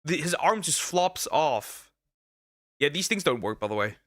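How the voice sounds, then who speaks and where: A man's voice: a little high, big pitch swings, a little slow. A young man streaming a reaction to a video, rambling and joking in slang with many restarts. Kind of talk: casual reaction commentary.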